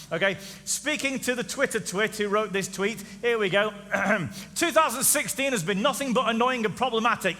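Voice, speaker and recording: A man's voice: high voice, bright, forceful tone. A man in his forties preaching a comedic sermon in a church, teasing the crowd and asking it questions. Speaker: pastor. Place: church auditorium. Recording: reverberant church hall.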